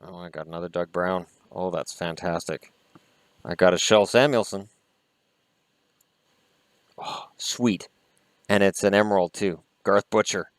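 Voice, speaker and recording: A man with a fairly low voice chats casually through a vlog, opinionated and quick to swear mildly. The sound is dry and close, with no room echo. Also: clean tone. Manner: chatty and opinionated, with mild swearing. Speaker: hockey vlogger. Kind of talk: casual card-opening vlog chat.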